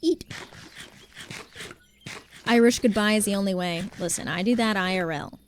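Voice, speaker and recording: A woman's voice: mid-range voice, moderate pace, slight background noise. A woman streaming a game live, chatting casually, laughing often and answering her chat as she plays.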